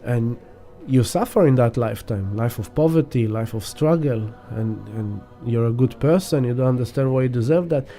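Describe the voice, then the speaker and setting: Man, astrology teacher, very dark mellow tone, rambling monologue, faint music behind. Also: medium pitch, moderate pace, hardly any pauses. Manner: rambling, swears casually, acts out examples.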